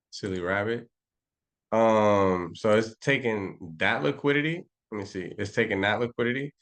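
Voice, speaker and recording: A fairly low-pitched man runs a loose, live screen-share lesson. He rambles and talks to himself as he charts, throwing in slang and asides to his students. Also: moderate pace. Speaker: trading instructor.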